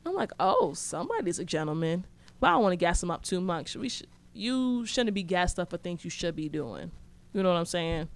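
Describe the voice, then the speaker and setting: A woman's voice: on the low side, sing-song, fairly quick, creaky. A young woman telling a story in casual, slangy speech, blunt and sarcastic.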